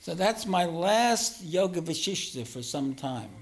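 A man giving a spiritual teaching talk as a meditation teacher, gentle and self-deprecating, often chuckling. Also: high-pitched, lively intonation, measured pace.

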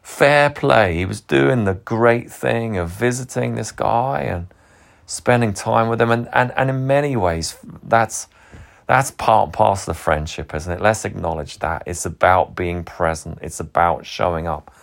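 A man's voice: on the low side, a little slow, gravelly. A man, a pastor, giving an earnest, reflective sermon and often repeating words as he starts a thought.

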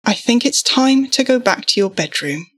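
A weary mother, as a woman narrator voices her, speaks firmly and stays measured. Her tone is steady and controlled. It sounds like a storybook reading. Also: a little high, pitched above the performer's own voice. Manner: firm and measured. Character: firm, weary mother keeping calm.

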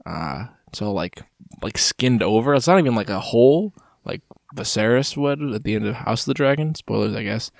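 A man's voice: mid-range voice, expressive, moderate pace, vocal fry, dry recording, studio quality. A man co-hosting a podcast in casual chat, rambling and wry, leaning on filler words. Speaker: podcast co-host.

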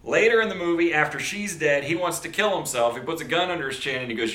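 A man's voice: on the high side, fast talker, fairly bright tone, echoey room. A man casually recapping a movie on a podcast, rambling and acting out quoted lines.

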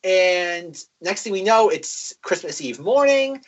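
A man's voice: sits high, lively intonation, takes it slowly, muffled recording. A man co-hosting a podcast, recapping a film casually with lots of fillers. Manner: rambling, filler-heavy storytelling. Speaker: podcast co-host.

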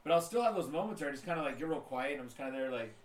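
Male podcast host, rapid relaxed rambling delivery, roomy echoing sound. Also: medium pitch. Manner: laid-back, rambling, many fillers. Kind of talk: casual podcast chat. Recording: roomy echo.

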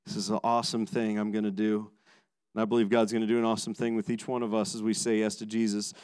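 A man preaching a sermon as pastor, emphatic, moving between raised passages and hushed low ones, often repeating words as he starts a sentence. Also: little pitch movement, fast talker, smooth, no echo.

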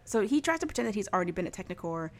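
A woman's voice: mid-range voice, sing-song, very fast. A young woman casually recapping a TV show for a podcast, chatty and full of "like", laughing often. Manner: chatty, heavy use of "like", frequent laughs.

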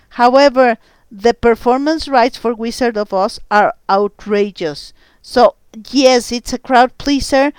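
A woman's voice: on the high side, darkish tone, clear, resonant tone, no echo. A woman theater director being interviewed, speaking earnestly and with emphasis. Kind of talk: interview guest.

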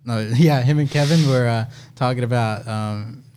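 A man's voice: medium pitch, normal speed, a little mellow, a little hiss or hum. A young man co-hosting a podcast in casual chat, joking and laughing at his own lines. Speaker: podcast co-host.

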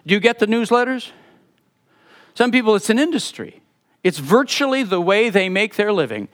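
Animated high-voiced male preacher. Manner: animated preaching with dramatic drops to soft voice. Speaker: pastor. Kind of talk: sermon.

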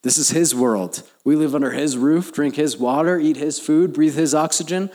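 A man preaching a sermon as pastor, telling personal stories, building to emphatic lines and dropping to quiet, low asides. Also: moderate pace. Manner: storytelling, rising to emphatic peaks then dropping soft and low.

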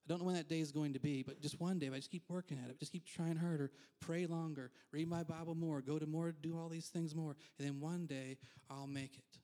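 Brief: male pastor, fairly high voice, candid chatty sermon with asides. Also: fairly even intonation, a little fast, hardly any pauses, mellow. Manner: candid, self-deprecating, frequent asides. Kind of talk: conversational sermon.

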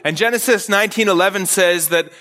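Male pastor, high bright voice, earnest sermon with repeated restarts, long hall reverb. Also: fast.

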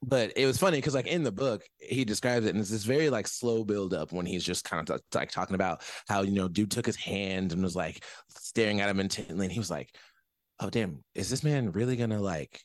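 A man in casual movie-podcast talk, retelling scenes with lively acted-out quotes. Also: on the low side, brisk, dry recording, studio quality. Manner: animated storytelling with acted-out quotes. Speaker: podcast co-host or guest.

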